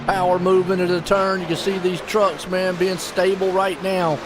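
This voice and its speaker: A man calling a live sim race play-by-play, excitable and folksy. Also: high-pitched, moderate pace, background noise. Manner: excitable, folksy, puzzled asides. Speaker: race commentator.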